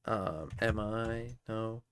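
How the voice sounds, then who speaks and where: A man's voice: lowish voice, very slow, clean tone. A young man streaming live, muttering and swearing his way through geography quiz guesses. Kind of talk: casual live-stream commentary while playing quiz games.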